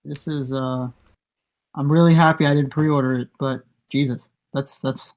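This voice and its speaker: A man's voice: medium pitch, steady tone, normal speed, darkish tone, low-quality recording. A man co-hosting a podcast in casual chat, joking bluntly and swearing freely. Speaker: podcast co-host.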